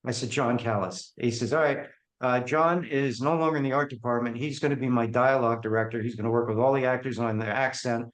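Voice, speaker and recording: A man's voice: mid-range voice, fairly quick. A man, a podcast guest, telling stories from his career and acting out the voices of people in them. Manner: animated, acts out the voices in his anecdotes. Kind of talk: storytelling in an interview. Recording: echoey room.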